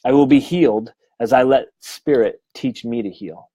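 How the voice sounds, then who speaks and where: A man speaks on a live stream in a middle-pitched voice, dry and close to the mic. He rambles earnestly, restarting sentences and dropping the odd swear word. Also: moderate pace, dark tone, husky, no room sound, low-quality recording. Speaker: medium giving a live talk. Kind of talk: casual livestream talk. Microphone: phone or webcam livestream.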